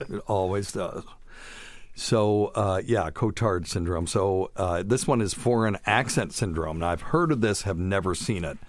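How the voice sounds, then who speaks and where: A man's voice: sits low, measured pace, no echo, clean studio sound. A middle-aged man hosting a medical podcast, chatting in a jokey, rambling way. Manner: chatty, jokey, wanders off topic. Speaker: podcast host, doctor. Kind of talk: casual chat.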